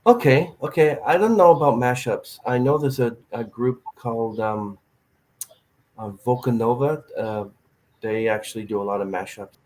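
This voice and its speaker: An animated male podcast host chats casually with a guest, telling energetic stories and slipping into small acted-out quotes. His voice sits at a middle pitch at a moderate pace, and the recording is rough.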